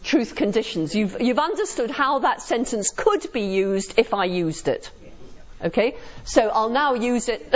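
A woman's voice: medium pitch, lively intonation, moderate pace. A woman giving a philosophy lecture to students, chatty and often checking understanding with tag questions. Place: classroom. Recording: dull lo-fi classroom recording.

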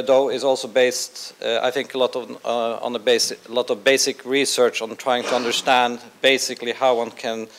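Halting, gravelly man introducing a speaker. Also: medium pitch, a bit bright. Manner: halting, many fillers. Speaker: event host introducing the speaker.

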